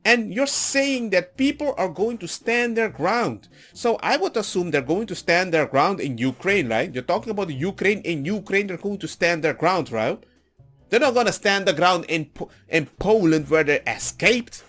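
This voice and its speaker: A man giving a rambling, animated political rant with mocking asides. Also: sits high, normal speed, soft background music. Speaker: political commentator. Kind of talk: ranting commentary.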